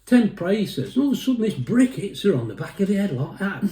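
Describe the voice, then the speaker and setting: Vlogger, rambling and jokey, mellow timbre, echoey room. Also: male voice, high-pitched, big pitch swings, fairly quick, few pauses. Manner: chatty, laughing, rambling storyteller. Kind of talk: casual chat and joke telling.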